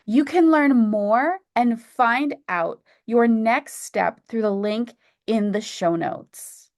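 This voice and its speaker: Woman podcast host, slow measured promo read, slightly high voice. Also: a little mellow.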